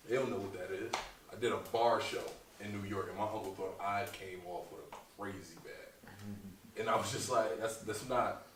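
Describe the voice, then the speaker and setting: A man's voice: fairly low pitch, fairly even intonation, moderate pace. A man, a comedian being interviewed, telling stories in a laughing, slangy and profane way. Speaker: comedian guest. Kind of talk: casual interview storytelling. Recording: echoey room, distant mic, faint noise.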